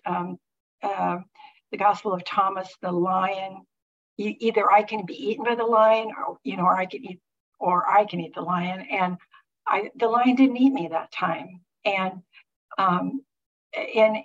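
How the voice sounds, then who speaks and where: Middle-aged lady sharing her faith story, lots of um and restarts, kinda muffled lo-fi audio. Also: medium pitch. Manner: halting, many restarts and fillers. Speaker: group member sharing a testimony. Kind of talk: personal faith testimony. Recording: muffled lo-fi recording.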